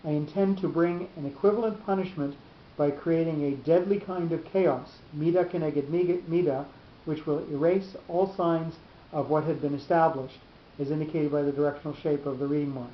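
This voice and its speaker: A man teaching a Torah class in a deliberate, halting explanatory lecture, often restarting his phrases. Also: fairly even intonation. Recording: roomy, dull lo-fi recording with faint rumble.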